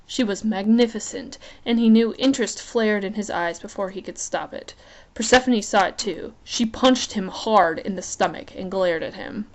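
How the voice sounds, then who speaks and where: A woman reading a romance novel aloud in a casual fan audiobook, with chatty, joking asides between passages. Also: mid-range voice. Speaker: reader.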